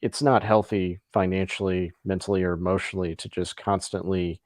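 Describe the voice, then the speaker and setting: A man with a very low voice talking on a casual podcast. He is measured and thoughtful, pausing on small fillers. The sound is close and dry. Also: little pitch movement, darkish tone, dry recording.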